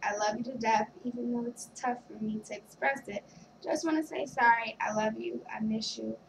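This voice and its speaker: A young woman telling a candid, halting story about her relationship and reading a card aloud. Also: fairly high pitch, fairly even intonation, creaky, recorded from a distance, background noise. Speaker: vlogger. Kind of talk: casual personal storytelling.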